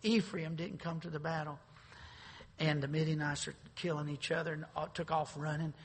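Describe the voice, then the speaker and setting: A male pastor with a slightly high, husky, level voice preaches an emphatic sermon at normal speed. He jokes with the congregation and repeats words as he restarts sentences, and a long hall reverb fills the recording.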